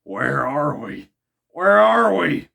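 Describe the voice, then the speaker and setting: A man voicing a blustering, burly Canadian harpooner who talks loud and exasperated in an audiobook reading. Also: mid-range voice, big pitch swings, takes it slowly, heavily acted. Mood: astonished.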